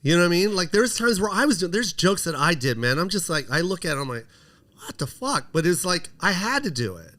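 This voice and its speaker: Man, comedian guest, indignant, emphatic, repetitive, swearing, slightly high pitch. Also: animated, quick pace, few pauses, bright, forceful tone. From United States. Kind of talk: heated conversational interview.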